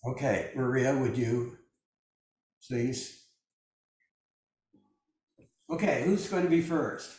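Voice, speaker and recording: A man's voice: medium pitch, lively intonation, slow, pauses often, a little mellow. An older man leading a meditation group over a video call, talking in a loose, musing way with many fillers. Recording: very echoey room, distant mic.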